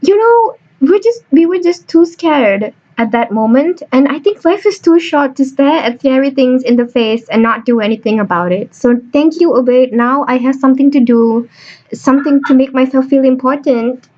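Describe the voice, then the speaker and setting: A woman's voice: high voice, animated, normal speed, a little mellow, slight background noise. A young woman hosting a casual interview, chatty and joking. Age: young adult. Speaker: host. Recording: dull lo-fi recording.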